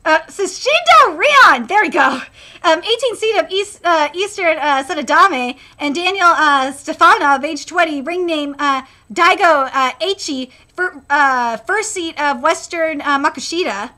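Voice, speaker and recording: A woman's voice: high voice, unhurried, pushed and bright. A woman reading manga aloud in a live reaction, stumbling over names and shrieking along with the story.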